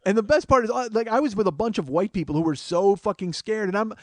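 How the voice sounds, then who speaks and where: A man comedian telling a comic story in an animated, swearing, exasperated way. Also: high voice, fast, no room sound. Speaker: comedian host.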